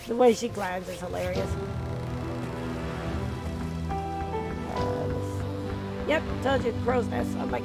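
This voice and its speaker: Soft-spoken, giggly streamer woman. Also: medium pitch, slow, long pauses, poor audio. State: voice a bit rough. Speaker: game streamer. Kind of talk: casual live-stream commentary. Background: game music.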